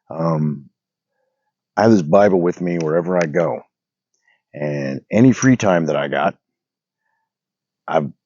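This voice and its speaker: Speaking into a phone set on a log outdoors at night on rural land, a Bible-reading vlogger with a cold talks in a rambling, casual way, full of fillers and restarts. His voice is low, darkish and slightly hoarse, and the dull recording has slight background noise.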